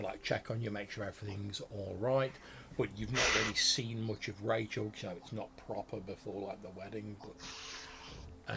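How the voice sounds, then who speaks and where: Game master, male, casual rambling narration, a gravelly edge. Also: on the low side, a little hiss or hum. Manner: rambling, filler-heavy narration.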